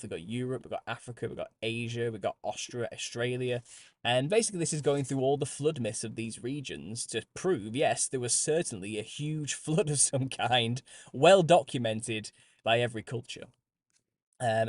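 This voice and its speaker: A British man with a medium-pitched voice hosts a live stream, chatting casually with his listeners. He laughs often and restarts phrases as he goes, and there's no room sound at all.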